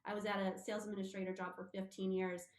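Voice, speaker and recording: A woman, a guest on a radio talk show, telling her story with lively acted-out quotes. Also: medium pitch, fast, roomy sound. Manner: animated storyteller, acting out quotes. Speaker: guest, intuitive medium. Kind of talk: casual radio interview.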